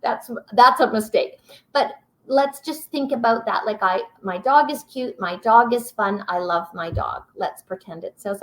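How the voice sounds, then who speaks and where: A woman presenting a teaching webinar, reading short poems aloud and encouraging her viewers. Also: on the high side. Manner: warm, encouraging, reads poems slowly aloud.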